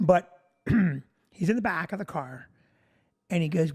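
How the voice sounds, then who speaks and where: A woman's voice: lowish voice, animated, unhurried, darkish tone, breathy edge. Woman telling a detailed backstage story. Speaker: comedian and show producer. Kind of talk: anecdote on a talk show.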